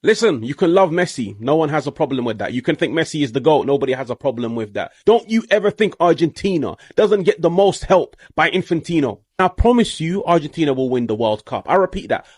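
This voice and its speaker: A man's voice: fairly high pitch, expressive, a little fast, few pauses, darkish tone, breathy edge, no echo, studio quality. A man giving a heated, combative rant about football, firing off rhetorical questions. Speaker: football commentator on video.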